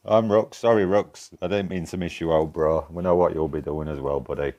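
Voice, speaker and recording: A man's voice: very deep voice, fairly even intonation, fast talker, mellow, muffled recording. A man with a broad Yorkshire accent chatting casually with viewers while streaming a game, swearing freely and bantering. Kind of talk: casual live-stream chat.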